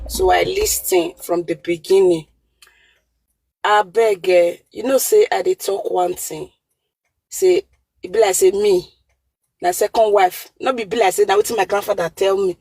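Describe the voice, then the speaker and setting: A woman's voice: medium pitch, fairly even intonation, moderate pace, darkish tone, husky, no room sound, poor audio. A woman caller with a Nigerian Pidgin accent giving earnest advice over the phone, repeating her points for emphasis. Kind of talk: call-in advice.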